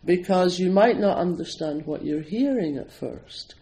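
Slow-talking older man from Scotland. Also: sits high, expressive, dark tone, low-quality recording. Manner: chatty, digressive, laughs often. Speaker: speaker at a Zen centre. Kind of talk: casual talk introducing a poetry reading.

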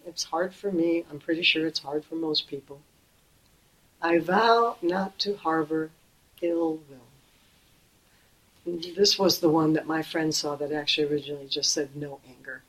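Gentle woman giving a dharma talk. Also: low voice, steady tone, low-quality recording. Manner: gentle and conversational, slowing and softening on key phrases. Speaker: Buddhist teacher.

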